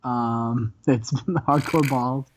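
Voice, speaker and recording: A man hosting comedic let's-play commentary, telling the story in an animated way and laughing often. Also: mid-range voice, very slow, a little hiss or hum. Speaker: host.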